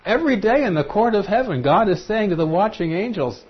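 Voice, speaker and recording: A man preaching a sermon in an animated, emphatic way. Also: sits high, brisk, breathy edge. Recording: dull lo-fi recording.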